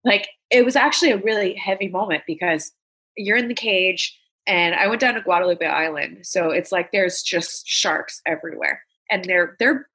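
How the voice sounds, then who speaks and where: As a guest in a relaxed interview, a Los Angeles comedian shares stories with blunt candor and lots of profanity. Her mid-range voice sounds husky, pushed and bright.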